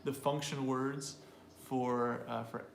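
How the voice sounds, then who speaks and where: Male co-host, middle pitch, loose rambling explainer, roomy echo. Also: little pitch movement, slow, creaky, a little hiss or hum. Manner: rambling, restarts, playful demonstrations of voices. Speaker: co-host, English teacher. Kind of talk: casual explanatory chat. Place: room with a piano. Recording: echoey room, faint ambience.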